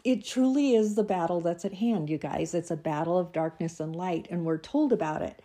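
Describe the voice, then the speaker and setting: Woman, low voice, warm mellow tone, casual devotional reading. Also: normal speed. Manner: reads scripture aloud, then chats loosely and laughs at herself. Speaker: devotional reader.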